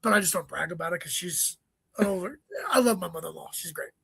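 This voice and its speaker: A man, a stand-up comedian, chatting as an interview guest, telling stories quickly with swearing and joking asides. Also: high-pitched, gravelly, bright, forceful tone, husky, no room sound. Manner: profane, rapid storytelling with joking asides. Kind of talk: casual interview chat.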